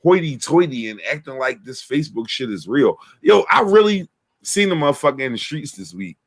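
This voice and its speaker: A male podcast host in casual chat, cursing freely and ranting with lots of energy. His voice sits at a middle pitch and sounds close and dry, with no room around it. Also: a little fast, no room sound. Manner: profane and animated ranting.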